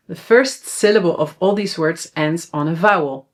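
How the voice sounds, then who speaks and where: A woman with a Dutch accent teaching a language lesson, explaining clearly and slowing down to model words. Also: fairly low pitch.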